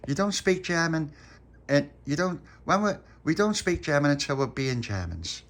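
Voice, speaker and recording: A man voicing a prim little girl who talks slowly and carefully. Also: on the high side, expressive, pitched above the performer's own voice.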